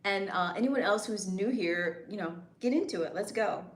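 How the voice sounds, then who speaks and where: The roomy-sounding recording catches a woman's mid-range voice at a moderate pace as she runs a casual livestream. Hyped and talkative, the content creator speaks right to her viewers.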